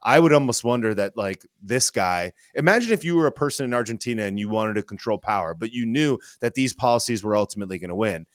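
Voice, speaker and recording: A man, a guest on a casual talk show, reasons out loud in a speculative way, often checking in with "right?". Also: on the low side, animated, quick pace, hardly any pauses, no room sound, studio quality. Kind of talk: casual political discussion.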